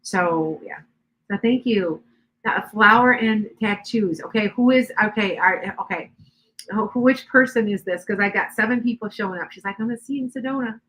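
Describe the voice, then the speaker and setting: A woman's voice: medium pitch, normal speed, a bit bright, poor audio. Older lady psychic chatting on her live stream, rambly, lots of restarts. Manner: rambling, chatty, with many restarts and asides to viewers. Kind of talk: casual live stream chat.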